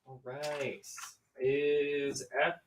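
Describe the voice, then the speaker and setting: A man's voice: fairly high pitch, level tone, very slow. A man co-hosting a live sale who takes claims, asking brief questions in casual chat. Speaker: co-host taking claims. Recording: roomy, far from the mic, faint noise.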